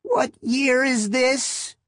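A man's voice: very high-pitched, extremely slow, a bit bright, dry recording, studio quality, voice pushed up, full character voice. A man voicing a frail elderly woman buried underground who pleads to be let out, in a quavering, plaintive voice for an audiobook. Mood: pleading.

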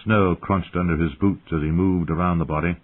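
A man's voice: deep voice, steady tone, a little fast. A man narrating a story expressively as an audiobook reader. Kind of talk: scripted narration. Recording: tinny phone-like sound.

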